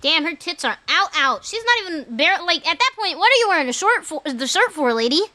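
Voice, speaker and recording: A young woman streamer chatting casually to her viewers while gaming, playful and crude and quick to laugh. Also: extremely high pitch, big pitch swings, sharp tone.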